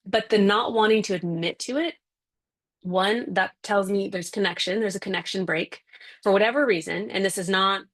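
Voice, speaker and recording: A woman parenting coach talking from home on a video call, chatty and quick to act out everyday scenes. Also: medium pitch, fairly bright tone. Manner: chatty, acts out scenes with voices. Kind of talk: casual interview answer. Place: home with kids and a dog nearby.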